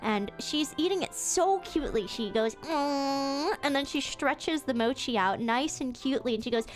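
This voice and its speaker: A female VTuber chats casually on stream in a high-pitched voice at normal speed, with soft background music. She tells a story animatedly, laughing often, repeating herself and stumbling into restarts.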